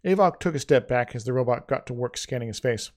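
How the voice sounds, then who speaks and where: Male amateur author narrating his story; mid pitch, plain, casual, slips kept in. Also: lively intonation, fast. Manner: plain reading with frequent slips and restarts.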